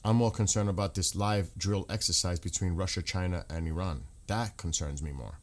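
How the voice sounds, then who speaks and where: A man's voice: low voice, moderate pace. A man hosting a casual livestream, reading viewer comments aloud and answering them while he looks things up online. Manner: reads viewer comments aloud and responds, searching websites while talking. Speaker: livestream host reading chat.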